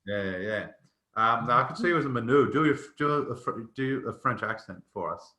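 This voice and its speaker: A man's voice: mid-range voice, expressive, a little fast, sharp tone, roomy sound. A man with an Australian accent, co-hosting a podcast in casual, blunt and opinionated banter. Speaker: podcast co-host. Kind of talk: casual chat.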